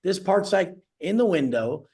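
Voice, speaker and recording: A man's voice: high-pitched, lively intonation, a little slow, vocal fry, darkish tone, husky. A man coaching clients on a video call, ranting bluntly and profanely, boasting as he goes.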